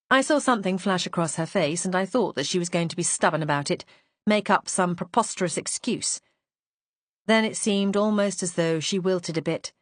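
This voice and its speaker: A woman's voice: fairly low pitch, normal speed, no room sound. A woman reading a first-person mystery audiobook in a composed, wry storytelling manner. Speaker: audiobook narrator.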